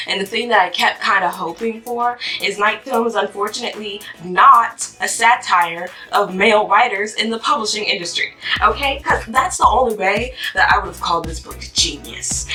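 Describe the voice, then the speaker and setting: Woman vlogger, ranting book review, animated and slangy, bright voice, set back from the mic. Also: mid-range voice, normal speed, recorded from a distance, faint music behind, poor audio.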